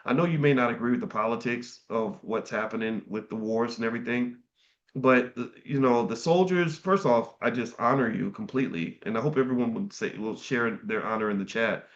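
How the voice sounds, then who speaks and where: A middle-aged man talks straight to his livestream chat in a heartfelt, unscripted way. He stumbles and doubles his words as he reaches for what he means. His mid-pitched voice comes through a slightly dull, lo-fi recording. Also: brisk. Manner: heartfelt, repeats words and restarts sentences. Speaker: livestream host. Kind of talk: earnest livestream talk to chat viewers.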